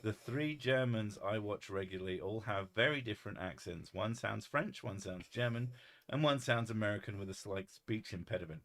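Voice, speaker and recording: A man with a fairly low voice chats loosely on a livestream. He reads viewer comments aloud, laughs often and swears freely. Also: normal speed, vocal fry, a bit bright. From United Kingdom. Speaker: streamer reading chat. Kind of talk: casual livestream chat.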